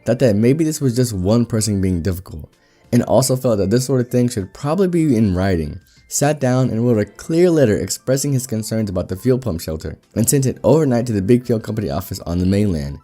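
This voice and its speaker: Guy narrating reddit stories, low mellow voice, music faintly underneath. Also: animated, a little fast. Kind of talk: reading reddit stories aloud.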